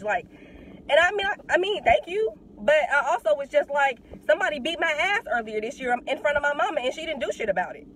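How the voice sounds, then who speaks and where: A woman's voice: high voice, moderate pace, poor audio. Young woman venting in her car, blunt and cussing, a bit stuffy from a cold, faint road noise. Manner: blunt, profane, animated. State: getting over a cold. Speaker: vlogger. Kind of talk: casual monologue.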